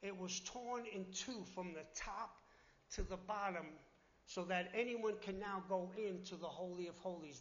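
A man preaching a sermon in an animated, plainspoken way, dropping low and quiet for solemn points. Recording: slightly dull recording with faint noise.

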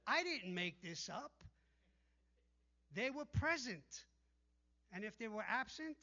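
A man's voice: high-pitched, bright, forceful tone, lo-fi sound. Emphatic male pastor preaching. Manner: emphatic preaching with call-and-response. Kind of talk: sermon.

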